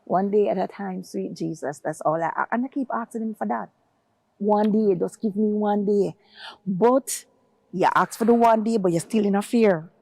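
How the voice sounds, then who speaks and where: With a dark tone and a moderate pace, a woman speaks as a guest in an echo-free recording. She relates an emotional personal story, performing quoted voices herself and going up high for what others said.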